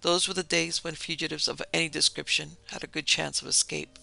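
Brief: man reading a Victorian memoir tale, measured, raspy-gravelly, slightly high. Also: flat delivery, sharp tone. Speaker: narrator and producer. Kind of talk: storybook narration of a memoir tale.

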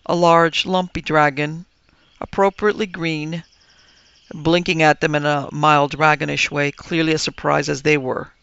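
A man reading a story aloud in a measured, wry way. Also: on the high side, flat delivery, creaky, fairly bright tone, smooth, no room sound, dull audio. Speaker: narrator.

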